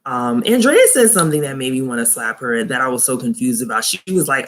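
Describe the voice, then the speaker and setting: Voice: mid-range voice, sing-song, fast, few pauses, a bit bright. Chatty reviewer who laughs a lot. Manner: chatty, laughs often, incredulous asides. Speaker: TV show reviewer. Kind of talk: live casual review commentary.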